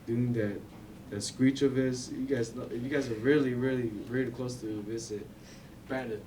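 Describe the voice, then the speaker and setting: A man's voice: medium pitch, fairly even intonation, normal speed, warm tone. Young guy doing a eulogy, rambling and laughing, far off the mic, noisy room. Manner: rambling, many fillers, laughs between stories. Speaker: family member giving a eulogy. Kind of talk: informal memorial speech. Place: memorial gathering room. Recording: distant mic with clear background noise.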